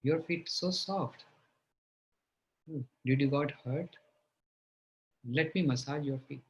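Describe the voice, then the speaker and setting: A man playing a gentle supreme lord who speaks softly and tenderly. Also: on the high side, highs cut off. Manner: soft, tender, slow.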